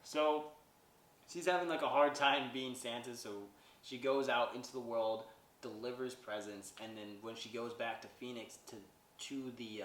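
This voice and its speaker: A man's voice: medium pitch, fairly bright tone, slight background noise. A man hosting a podcast, casually recapping a movie plot in a rambling way, often asking "right?". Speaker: podcast host reviewing a movie. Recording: roomy echo, distant mic, faint ambience.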